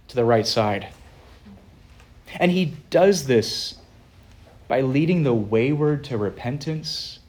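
A man preaching a sermon as pastor, earnest, slowing down and swelling louder on the key phrases. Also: medium pitch.

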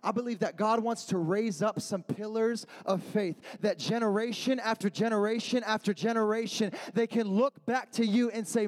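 A young man preaching a youth sermon in a slangy, repetitive style, building to shouted refrains. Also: high-pitched, moderate pace, hardly any pauses. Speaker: youth pastor. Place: youth service gathering.

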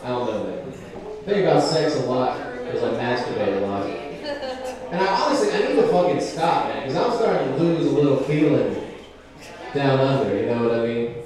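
A man's voice: mid-range voice, lively intonation, brisk, a crowd in the background. A young man doing a rambling, profane stand-up comedy set with frequent asides. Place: comedy club stage. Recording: echoey club from a distance.

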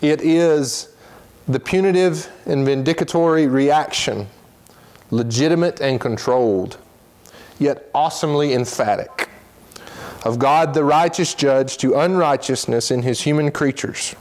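Man, Sunday school teacher, earnest lesson delivery, slows down to stress points, reads scripture quickly. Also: on the high side, darkish tone. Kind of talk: Bible lesson.

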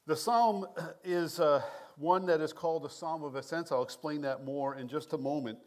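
A male pastor with a slightly higher voice delivers a sermon in a measured, prayerful cadence. His New York accent shows through at times.

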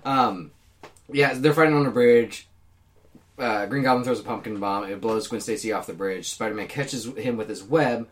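A man in casual podcast chat, animated and swearing freely, cracking jokey asides. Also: on the low side, normal speed, far from the mic.

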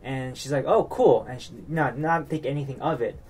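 A man's voice: medium pitch, steady tone, a little fast. A man from the United States chatting casually, rambling with lots of fillers and restarts and getting worked up as he recaps a reality show.

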